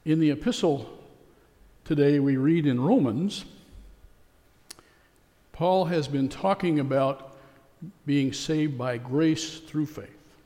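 A male pastor delivers a sermon in a relaxed, storytelling way, dropping in small fillers. His voice sits a bit high for a man. The sound carries with a long church reverb. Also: slow pace, long pauses. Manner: folksy and conversational, with fillers.

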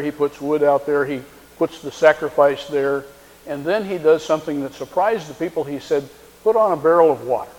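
A man whose voice sits on the high side, a little mellow, preaches as a pastor amid a large hall's long reverb. He recounts a story and plays out the quoted dialogue in varied voices.

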